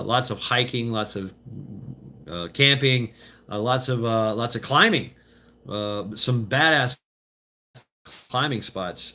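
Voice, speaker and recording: Bright-voiced man in his fifties rambling. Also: mid-range voice, a little hiss or hum. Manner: loose, profane, halting with many fillers and restarts. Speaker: vlogger reading viewer chat. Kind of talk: rambling casual live chat. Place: outdoors on a walk.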